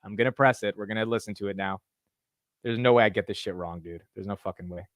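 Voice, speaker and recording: A young man hosting a live stock market stream in casual chat, excitable, laughing and swearing as his energy swings between calm and loud. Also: fairly low pitch, quick pace, no echo, clean studio sound. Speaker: stock market livestream host.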